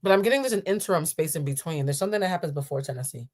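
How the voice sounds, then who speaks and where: A woman's voice: sits low, expressive, racing. Sassy woman reading tarot cards live. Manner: sassy, playful and chatty, calls listeners "child". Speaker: tarot card reader hosting a live stream. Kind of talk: casual live-stream tarot reading, answering chat.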